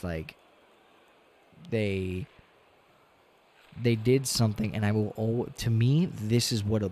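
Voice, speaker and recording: A man streaming a game, talking casually and ranting with lots of swearing, dropping to low mutters and rising to loud outbursts. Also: slight background noise. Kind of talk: casual gaming stream chat.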